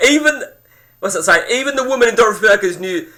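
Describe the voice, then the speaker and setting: Animated, sweary man spinning a yarn. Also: very high voice, quick pace. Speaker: game streamer. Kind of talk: casual storytelling to chat.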